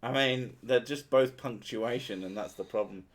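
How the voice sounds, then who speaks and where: A man's voice: medium pitch, moderate pace. A man streaming, chatting casually with a profane, joking manner and frequent laughter. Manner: profane, jokey, laughs often. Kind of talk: crude casual chat.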